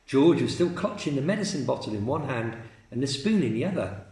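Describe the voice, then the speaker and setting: A man teacher reading a children's story aloud in a slow, expressive storytelling manner. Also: mid-range voice, roomy sound.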